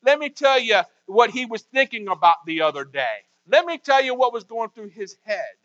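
Man putting on a tattling devil, high voice, needling, dull lo-fi recording. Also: big pitch swings, moderate pace, fairly bright tone, exaggerated voice. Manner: needling, gossiping tone. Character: sly accusing devil, male, tattling.

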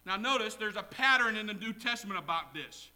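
A male preacher delivers a sermon to a congregation. His voice sits high and rings very bright. He drops to near-murmured asides, then erupts into loud shouted lines. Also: lively intonation, brisk. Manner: swings from quiet asides to loud shouted quotes. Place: church with congregation.

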